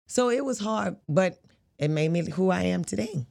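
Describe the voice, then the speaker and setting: A woman's voice: fairly low pitch, expressive, moderate pace, gravelly, a little mellow. A woman, a boxer as guest, telling her life story frankly in casual, vernacular speech. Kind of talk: candid interview storytelling.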